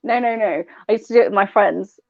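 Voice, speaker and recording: A woman's voice: medium pitch, fast, creaky, a little mellow, muffled recording. A woman co-hosting a casual chat, playful and teasing. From United Kingdom. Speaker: co-host.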